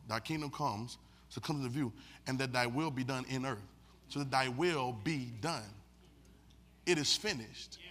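A man preaching a sermon with folksy, laughing asides, leading call-and-response and swinging from quiet talk to shouts. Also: a little high. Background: congregation responding.

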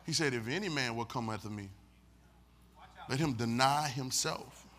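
A man preaching a sermon with folksy, laughing asides, leading call-and-response and swinging from quiet talk to shouts. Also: mid-range voice, normal speed. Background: congregation responding.

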